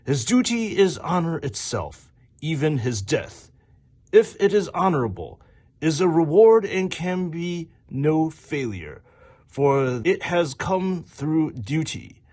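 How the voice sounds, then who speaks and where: A man putting on a grandiose male narrator recites a martial creed with slow, weighty declamation. The voice sits well above his normal pitch and pushes loud. It rises and swells on each key phrase. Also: big pitch swings, full character voice. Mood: solemn.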